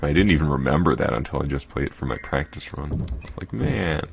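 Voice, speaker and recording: A man's voice: rumbling low, expressive, brisk, creaky, a little hiss or hum. A man hosting a let's play, chatting casually and apologetic over the gameplay. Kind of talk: casual game commentary. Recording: faint game music behind.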